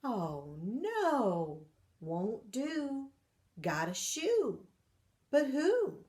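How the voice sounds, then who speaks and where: Woman doing a bossy, excitable old grandma for a picture book, exclamations up high, unhurried. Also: heavily acted. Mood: alarmed.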